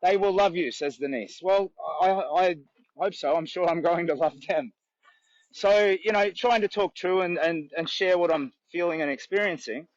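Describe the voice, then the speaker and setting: A high-pitched Australian man talks earnestly and rambles as he livestreams outdoors by a road. He holds his phone at arm's length, so the audio is dull and lo-fi. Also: moderate pace, no room sound. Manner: earnest, rambling, chats with passers-by. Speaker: charity walker livestreaming.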